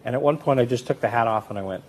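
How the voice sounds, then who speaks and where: A man, a magician and comedy performer, talks very fast over slight background noise while telling anecdotes in an interview. He's animated, acting out the voices of the people in his stories with big swings in pitch and loudness.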